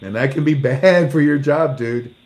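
A man at a middle pitch reads out news articles and answers each one with sarcastic asides. He plays out little mock dialogues and laughs at his own jokes. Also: moderate pace, darkish tone. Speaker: commentator reading news articles. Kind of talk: casual commentary.

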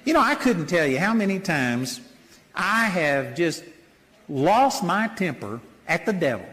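An older man preaching a sermon, folksy and animated, telling stories and acting out voices. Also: fairly high pitch, measured pace. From Texas. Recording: long hall reverb.

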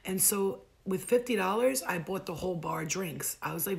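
A young American woman telling a funny travel story to camera, animated and profane, laughing often. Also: lowish voice, brisk, gravelly, hardly any pauses. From United States. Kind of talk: storytime vlog.

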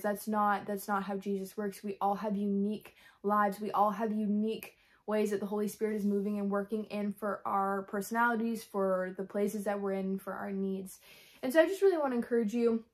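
Speaking fairly fast at a medium pitch with a steady tone, a young woman shares an honest devotional vlog. She wanders from point to point, uses lots of fillers, and voices her prayers out loud, frustrated but still hopeful.

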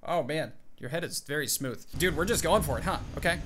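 A young man giving jokey, excited commentary as he plays a game, chatting to his companion and yelping at scares. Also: a little high, brisk, hardly any pauses, over music. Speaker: gaming YouTuber. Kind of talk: excited let's-play commentary.

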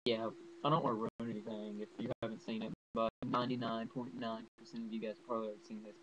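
A man's voice: on the low side, level tone, quick pace, over a noisy crowd, rough recording. A young man rambling enthusiastically through a casual horror movie review, full of fillers.

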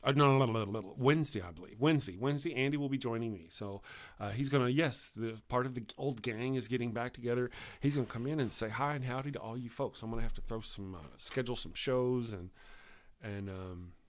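A man hosts a live stream from his home setup. He talks casually and rambles, restarts his sentences and laughs easily. His voice sits at an ordinary pitch. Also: fast talker. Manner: chatty, rambling, self-correcting, laughs often. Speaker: live-stream show host.

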